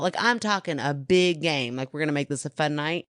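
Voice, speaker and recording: A woman's voice: low voice, expressive, a little fast, fairly bright tone, no echo, clean studio sound. A woman in her forties co-hosting a podcast, chatting casually, joking and laughing often. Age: 40s. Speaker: podcast co-host. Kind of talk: casual chat.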